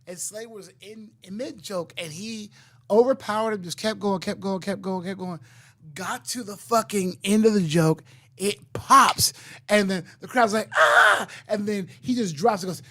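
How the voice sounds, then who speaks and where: A Texan man on a comedy podcast, telling stories excitedly and swearing as he acts out what people said. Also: sits high, moderate pace, no echo. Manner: excitable, profane, acts out quotes. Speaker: podcast co-host. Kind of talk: casual chat, storytelling.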